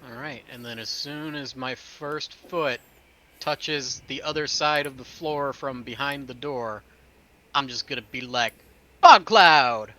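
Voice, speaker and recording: Bright-voiced male player arguing rules. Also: mid-range voice, steady tone, a little slow, a little hiss or hum, poor audio. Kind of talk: casual tabletop game talk.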